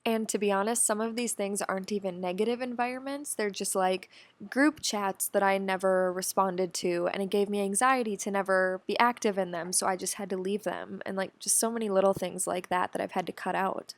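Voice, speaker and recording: A young woman vlogging to camera, halting and soft-spoken as she admits she is pregnant and emotional. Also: medium pitch, steady tone. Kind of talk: candid emotional confession to camera.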